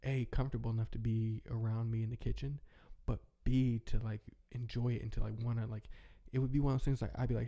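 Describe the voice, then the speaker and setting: A man's voice: lowish voice, little pitch movement, fast, hardly any pauses, dark tone. A young man talking in a rambling, heartfelt way, chatting casually as a podcast host. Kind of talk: casual reflective chat.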